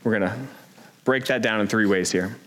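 A man's voice: fairly low pitch, fairly quick, a bit bright. A man preaching a sermon as pastor, earnest and emphatic, with rhetorical questions.

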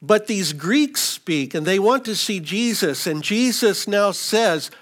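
A man's voice: high-pitched, animated, slow pace, few pauses, a bit bright. A man preaching an expository sermon, teaching through scripture verses with frequent restarts. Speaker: pastor.

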